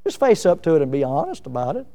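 A man's voice: on the high side, wildly swooping pitch, fast talker, dark tone. A middle-aged man preaching a sermon as pastor, with rising emphatic outbursts and self-deprecating humor.

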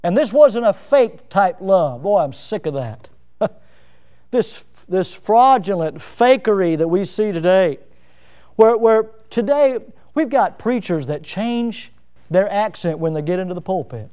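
His sermon comes at a measured pace, the high voice smooth and resonant. Folksy and down-to-earth, the middle-aged preacher delivers it with animation, lively emphasis and plenty of jokes at his own expense.

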